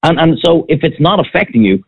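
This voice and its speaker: A man's voice: a little high, big pitch swings, brisk, slightly rough. An Irish man, a former restaurant owner, ranting bluntly in a casual chat as a podcast co-host. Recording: dry, phone-like band.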